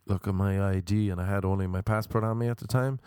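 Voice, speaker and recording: A man's voice: on the low side, steady tone, fast, mellow, clear, resonant tone, no echo, studio quality. Sardonic Irish man telling a story. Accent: Irish, Cork. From Ireland. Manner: rambling, sardonic, swearing, acts out voices. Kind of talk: stand-up storytelling.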